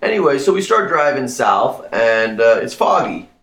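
A male podcast co-host tells a long, rambling, casual anecdote packed with "uh" and "like." His medium-pitched voice is very animated and a bit bright, at a moderate pace, in a reverberant space.

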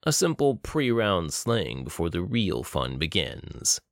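A male audiobook narrator voicing a menacing, cruel male villain who taunts slowly. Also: low voice, sing-song, no room sound, studio quality, exaggerated voice. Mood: taunting.

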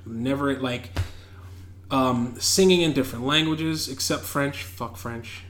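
A man's voice: medium pitch, a little slow. A man with a tenor voice in casual chat, telling stories with plenty of swearing and bursts of laughter. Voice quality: tenor singing voice. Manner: animated storyteller, swears freely, breaks into laughter.

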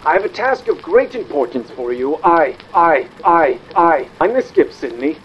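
A grandiloquent, condescending father, holding forth from a scratchy old vinyl record with lively swings in his voice. The sound is dull and lo-fi, like a record playing back. His manner is theatrical and imperious. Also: on the high side, moderate pace. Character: pompous aristocratic father speaking from an old record. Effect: old vinyl record playback.

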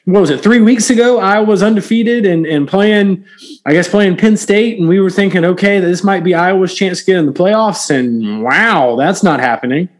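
A man co-hosting a sports podcast in casual chat, animated and full of fillers and restarts. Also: sits high, normal speed. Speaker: podcast co-host.

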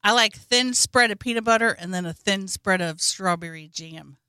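A woman's voice: medium pitch, moderate pace, sharp tone, clear, resonant tone, no room sound. A woman co-hosting a casual comedy podcast, with dry teasing humor. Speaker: podcast co-host.

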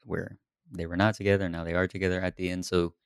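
A man co-hosting a casual movie review podcast, easygoing and quick to laugh. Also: low-pitched, level tone, creaky, clear, resonant tone, dry recording, studio quality. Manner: laughs often, easygoing, trails off quietly. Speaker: podcast co-host.

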